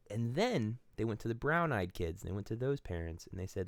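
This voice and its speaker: A man's voice: lowish voice, big pitch swings, brisk, vocal fry, hardly any pauses, no room sound. A man hosting his channel, giving a casual philosophical monologue in blunt, profane storytelling that acts out the people he quotes. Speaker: channel host.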